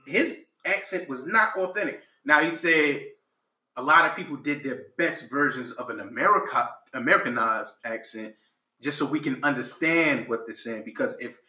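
A man co-hosting a podcast, chatting casually, animated and profane, often restarting his sentences. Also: mid-range voice, normal speed, reverberant, rough recording. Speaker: podcast co-host. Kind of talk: casual chat.

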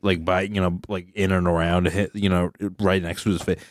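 A man's voice: low voice, flat delivery, no room sound, studio quality. Crude joking podcast host man. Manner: swearing, joking, does quick silly voices. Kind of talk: casual chat.

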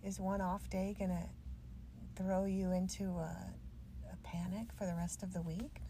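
A middle-aged woman hosting a solo podcast, chatty and self-deprecating, ending on gentle reassurance to the listener. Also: on the low side, little pitch movement, a little slow, a little hiss or hum. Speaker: podcast host. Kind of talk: reflective solo podcast talk.

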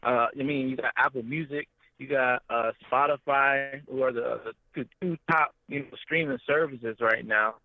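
A male musician being interviewed, answering in a relaxed, agreeable way. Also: mid-range voice, normal speed, no echo. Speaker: guest musician. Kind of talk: casual interview chat. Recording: dry, tinny phone-like line.

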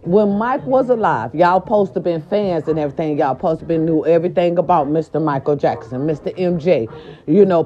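A woman's voice: on the low side, dark tone. A woman vlogger in a casual, profane rant, talking straight to her viewers and repeating herself for emphasis. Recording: dull lo-fi recording with faint music. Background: faint background music.

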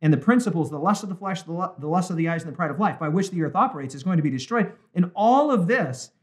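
Emphatic high-voiced male pastor. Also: expressive. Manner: emphatic, slows down to stress quoted words. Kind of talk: Bible study discussion.

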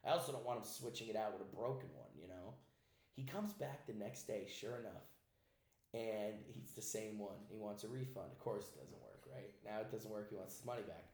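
A young man with an Italian-American accent, a podcast host telling a story in casual chat, profane and animated, slipping into voices. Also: fairly low pitch, brisk. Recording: echoey room.

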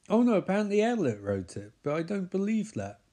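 Snarky guy riffing on a bad movie, lively up-and-down voice, mellow tone. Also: high-pitched, brisk. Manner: sardonic, swears, mocks the characters in put-on voices. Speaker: vlogger watching a movie. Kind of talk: sarcastic movie commentary.

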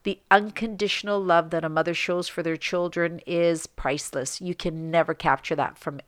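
A woman's voice: on the low side, steady tone, moderate pace, no room sound, clean studio sound. A middle-aged woman co-hosting a podcast, giving heartfelt advice in an earnest way, with frequent ums. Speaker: podcast co-host. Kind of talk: casual podcast chat.

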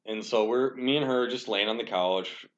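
A man's voice: on the low side, normal speed, fairly bright tone. A young man hosting a casual podcast chat, telling a rambling, profane, self-deprecating story. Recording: dull lo-fi sound.

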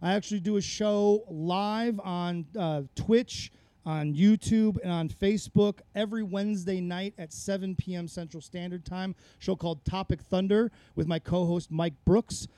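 A man's voice: high-pitched, steady tone, normal speed, mellow, clean tone, no room sound. A man, a podcast guest, telling rambling, profane stories in a casual chat on a close mic. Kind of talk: casual conversational storytelling.

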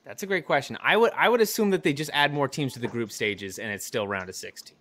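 A man's voice: medium pitch, expressive, fast, fairly bright tone. An American man co-hosting a live-streamed chat show, talking casually and often stumbling over his words. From United States. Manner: hesitant, stumbling restarts. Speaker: podcast co-host.

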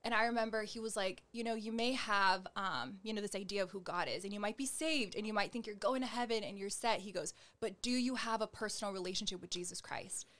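A woman's voice: mid-range voice, fast talker, hardly any pauses, fairly bright tone. Young adult woman, faith testimony, casual conversation, lots of "like", acts out quoted dialogue, talks with her hands. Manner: chatty, heavy use of "like", acts out quoted dialogue; gestures while talking. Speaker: guest sharing her testimony.

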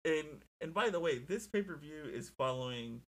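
A young man chatting casually as a podcast co-host, telling stories in an excitable, animated way with lots of swearing. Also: a little high, normal speed. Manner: excitable, profane, animated storytelling. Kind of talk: casual chat.

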